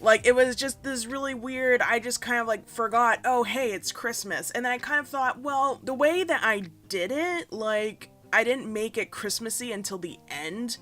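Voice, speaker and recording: A woman's voice: normal speed, few pauses. Rambling young woman gamer, chatty. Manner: rambling, self-deprecating, bursts into squeaky silly voices. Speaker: gaming YouTuber. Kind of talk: casual voiceover chat over a speed build. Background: soft background music.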